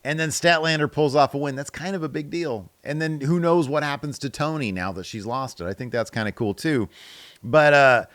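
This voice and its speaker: A man's voice: on the high side, fairly quick, a bit bright, dry recording. A man hosting a wrestling podcast, casually reading viewer comments aloud and giving his opinions on them. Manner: chatty, opinionated, laughs at own jokes. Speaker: podcast host.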